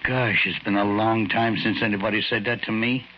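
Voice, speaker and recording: A man's voice: lowish voice, steady tone, moderate pace, close to an everyday voice. A man playing a timid, humble little old man who stammers and apologizes, in 1940s radio acting style. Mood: shy. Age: older. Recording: muffled old radio recording, faint hiss.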